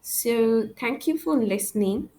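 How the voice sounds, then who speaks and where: A woman's voice: a little high, animated, takes it slowly, dark tone, poor audio. A woman teaching a language lesson, saying example words carefully and then explaining them in English.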